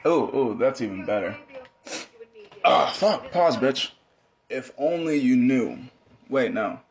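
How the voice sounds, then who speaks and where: A man's voice: mid-range voice, lively intonation, takes it slowly. A man reciting pleading, rambling spoken word poetry, interrupting himself.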